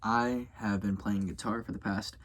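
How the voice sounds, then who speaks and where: A man's voice: lowish voice, fairly even intonation, moderate pace, a little hiss or hum. A young man from Louisiana speaks to his camera. He rambles and keeps correcting himself, stopping often on fillers. He sounds tired, like someone who keeps yawning. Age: young adult. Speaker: college student vlogger. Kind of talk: casual vlog talk to camera.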